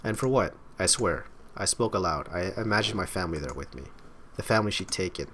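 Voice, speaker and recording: A man's voice: deep voice, expressive, fairly quick, a bit bright, slight background noise. A man streaming a visual novel playthrough, reading its narration aloud with wry asides. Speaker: game streamer. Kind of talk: reading game text aloud with casual commentary.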